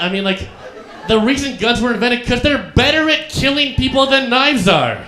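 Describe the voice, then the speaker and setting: A young man from Colorado doing a stand-up set on a comedy club stage. He tells his stories deadpan and acts out the other people in them. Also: very high-pitched, moderate pace. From Colorado, USA. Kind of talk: stand-up routine. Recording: echoey club room with a laughing crowd.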